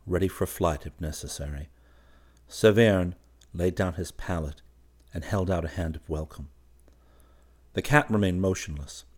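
Deep-voiced male audiobook narrator. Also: darkish tone.

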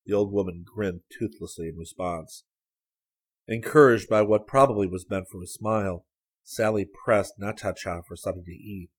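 Low, husky male audiobook narrator. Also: normal speed. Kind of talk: scripted narration.

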